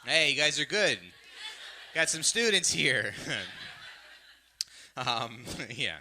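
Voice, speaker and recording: A man in his thirties working a live stand-up set, meandering and self-mocking, stalling on fillers. His tone is sharply bright and forward through the stage mic, with a faint noise bed behind. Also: on the high side, big pitch swings, slow. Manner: rambling, self-deprecating, hesitant with fillers. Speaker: stand-up comedian. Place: live comedy show venue. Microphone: stage microphone.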